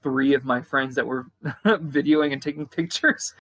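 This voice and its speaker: A man's voice: medium pitch, steady tone, measured pace, a bit bright, low-quality recording. A young man telling a long casual story, with many fillers and restarts. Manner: chatty, rambling with many fillers and restarts, acts out quoted voices. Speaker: podcast co-host.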